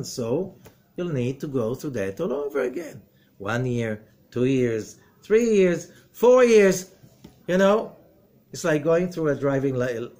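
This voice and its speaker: A middle-aged man, a rabbi giving a spoken lesson, animated, with rhetorical questions and sudden swings between loud emphatic bursts and low quiet passages. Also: vocal fry. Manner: rhetorical questions and acted-out quotes. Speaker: rabbi and Zohar teacher.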